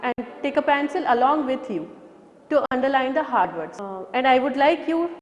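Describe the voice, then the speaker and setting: A woman with an Indian English accent reads a children's lesson aloud in a high, clear voice, stopping often to spell words letter by letter. The room is echoey, with a long reverb trailing behind her voice. She speaks slowly and patiently, as a teacher to young pupils. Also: animated, lo-fi sound.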